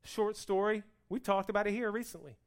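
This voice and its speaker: A man preaching a sermon with lively swings between loud outbursts and hushed, slow passages, acting out the people's complaints. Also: sits high. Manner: plays out the people's complaints in a whiny voice. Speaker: pastor.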